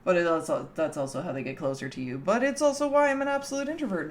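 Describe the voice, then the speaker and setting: A woman's voice: on the low side, very animated, brisk, slight background noise. A young woman from Canada chatting casually with her livestream chat from home, teasing and laughing often. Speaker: streamer.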